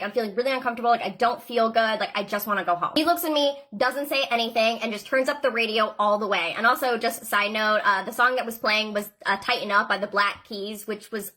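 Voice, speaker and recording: A woman's voice: medium pitch, sharp tone. A young woman telling a personal story in a casual storytime clip, emotional and full of "like". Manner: emotional retelling, heavy use of "like". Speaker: storyteller in a social media clip.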